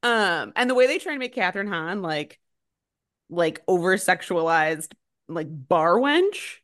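Woman co-host, slightly low voice, quick sarcastic movie recapper. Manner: animated, sarcastic, fast recapping with many "like"s. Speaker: podcast co-host. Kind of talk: casual chat.

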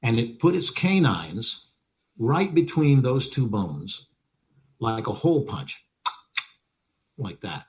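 This older man's voice is medium in pitch and a little mellow, with big pitch swings, a slow pace, and frequent pauses. As an actor and interview guest, he tells animated anecdotes vividly, acting out scenes and repeating phrases for effect.

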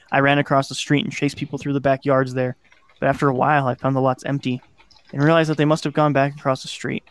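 A man's voice: medium pitch, clean tone, no echo. A man hosting a podcast, casually narrating a scary childhood story and swearing now and then. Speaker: podcast host.

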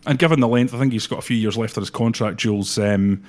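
A man hosting a casual football podcast, moving briskly from one item to the next. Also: on the low side. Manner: brisk, moves the segments along. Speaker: podcast host.

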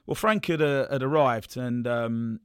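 A man from telling football stories in a relaxed, chatty way, laughing often. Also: mid-range voice, measured pace, smooth, no room sound, clean studio sound. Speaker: podcast guest, former footballer. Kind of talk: casual anecdote telling.

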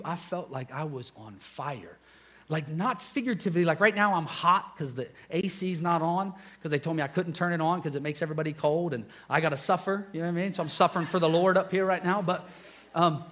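Husky, fervent preacher man. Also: on the high side. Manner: animated storytelling, swinging from shouts to hushed intensity. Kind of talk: sermon.

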